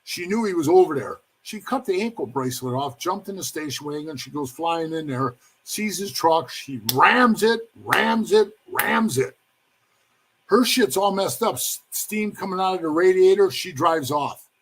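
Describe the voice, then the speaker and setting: A former motorcycle club member rambles through a long story from his past during a casual interview, often calling the listener "bro" and acting out what others said. His voice is on the high side and animated, at a moderate pace.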